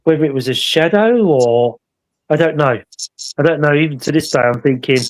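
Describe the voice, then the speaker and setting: A man with a slightly high voice and moderate pace, heard through a low-quality recording, shares a paranormal investigation story. As a co-host of a live show, he rambles casually and often tags on questions to get agreement.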